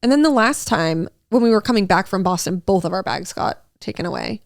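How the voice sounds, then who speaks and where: A woman in her twenties co-hosting a podcast, ranting with animated exasperation and casual swearing. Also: mid-range voice, a little fast, vocal fry, no room sound, clean studio sound. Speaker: podcast co-host. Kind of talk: casual chat.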